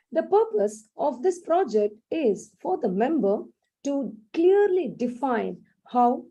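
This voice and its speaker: Woman reading meeting notes, mellow voice. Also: fairly high pitch, low-quality recording. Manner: careful, hesitant over words. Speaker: speech evaluator. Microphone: video call.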